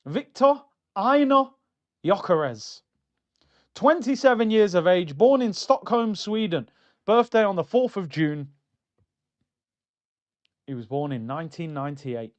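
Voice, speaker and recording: A man hosting a football fan channel, ranting in a mocking, slangy, animated way. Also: sits high, slow pace, pauses often. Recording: dull lo-fi sound.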